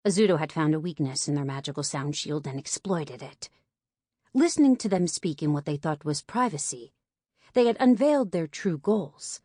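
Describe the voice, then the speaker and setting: Low-voiced woman narrating an audiobook. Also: animated, normal speed, dark tone, no room sound, studio quality. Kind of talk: scripted narration.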